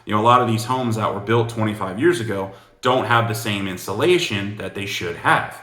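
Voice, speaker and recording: A man's voice: lowish voice, a little fast, a bit bright. A man giving casual sales coaching, rambling and full of "you know" asides. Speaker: sales trainer. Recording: echoey room.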